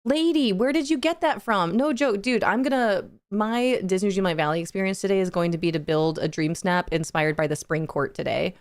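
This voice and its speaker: A young woman hosts a relaxed gaming stream and chats easily with her viewers. She reads their comments aloud and often breaks into giggles. Her voice sits at a middle pitch, recorded close and dry with no room sound. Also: brisk, hardly any pauses, no echo. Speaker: livestream gaming host. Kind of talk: casual chat with live chat.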